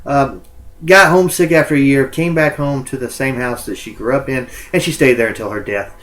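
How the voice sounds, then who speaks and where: Man, mid pitch, college lecture, halting, filler-heavy delivery. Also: a bit bright, rough recording. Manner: lots of ums and uhs, self-correcting. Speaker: college English instructor. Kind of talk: recorded lecture.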